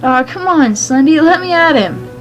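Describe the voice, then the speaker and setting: A woman's voice: sits high, animated, normal speed, muffled recording, soft background music, pitched above the performer's own voice. Woman reading a cocky, teasing masked young man. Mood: complaining.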